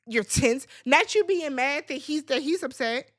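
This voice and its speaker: A woman's voice: sits high, normal speed. A woman hosting a reality TV recap, talking in a blunt, sassy and profane way. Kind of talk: casual recap commentary.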